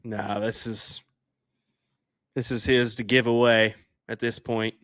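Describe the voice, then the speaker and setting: A young man co-commentating on darts in a casual, measured and analytical way, with frequent fillers. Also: mid-range voice, level tone, fairly bright tone, no echo, studio quality.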